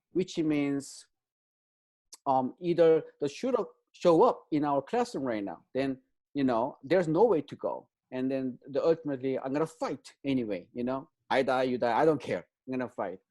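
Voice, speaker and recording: A man's voice: mid-range voice, warm tone. A man explaining trauma as an interview guest, in non-native English phrasing, with many fillers and frequent "right?" check-ins.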